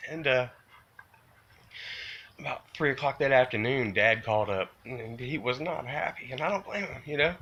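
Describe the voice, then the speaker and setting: A man with a bright, forward voice recounts something he regrets, rambling and circling back on himself. He fills every pause with "you know" and "man". When the remorse surfaces, his pitch climbs and his voice strains. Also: lo-fi sound, a little hiss or hum. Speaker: vlogger telling a personal story. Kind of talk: confessional storytelling to camera.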